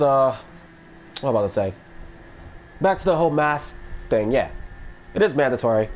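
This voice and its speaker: A man's voice: mid-range voice, a little mellow, slight background noise, low-quality recording. A man chatting casually on a live stream, rambling with many restarts and frequent swearing.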